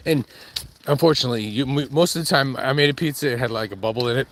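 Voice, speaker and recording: Rapid-fire and on the high side, a man with kids vlogs on a dog walk in a casual monologue, rambling, joking, and chuckling at himself. A little hiss or hum sits under the recording.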